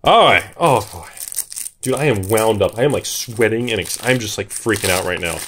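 A man's voice: fairly low pitch, moderate pace, a little hiss or hum. Hyped man opening cards on camera. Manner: hyped, jittery, shouts at big pulls. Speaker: card-opening video host. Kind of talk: excited casual commentary.

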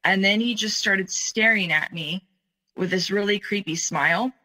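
A woman in her forties, a guest telling her own story in conversation, speaking in a halting, earnest way with many fillers. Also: mid-range voice, pushed and bright, low-quality recording. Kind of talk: personal account in conversation.

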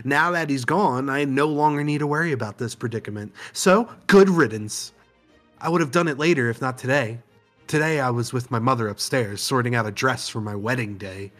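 A man's voice: mid-range voice, moderate pace, a bit bright, faint music behind, close to an everyday voice. A young man voicing a cold, scornful rich young woman in a tabletop game, haughty in manner.

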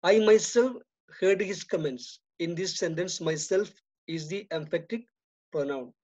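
A man with an Indian English accent teaching a grammar lesson, reading each example sentence and then giving the answer more quietly. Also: high-pitched, measured pace. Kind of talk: slow, deliberate grammar lesson. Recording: dull lo-fi recording.

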